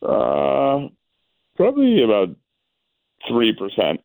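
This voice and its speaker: A man who played pro baseball, a guest giving thoughtful, halting answers in a casual interview. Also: medium pitch, wildly swooping pitch, vocal fry, a little mellow, no room sound, rough recording. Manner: thoughtful, halting, restarts phrases.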